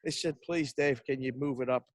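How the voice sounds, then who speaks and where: A man's voice: mid-range voice, fairly even intonation, moderate pace. A man hosting a sports betting podcast, talking in a rambling, brash, casual way and swearing freely. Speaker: podcast host.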